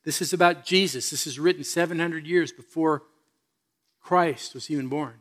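A man's voice: fairly high pitch, moderate pace, fairly bright tone. A man preaching a sermon as pastor, reading scripture and speaking earnestly with questions to his listeners.

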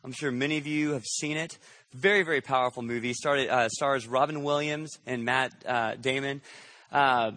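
Bright-voiced man preaching a sermon. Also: mid-range voice, fairly even intonation, moderate pace. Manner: conversational, checks in with rhetorical questions. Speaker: pastor.

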